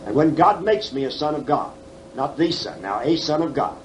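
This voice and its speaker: A man's voice: a little high, expressive, normal speed, rough recording. Elderly man teaching the Bible emphatically. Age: 70s. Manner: emphatic, questioning, folksy humor. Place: conference hall. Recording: faint background noise, 1979 tape.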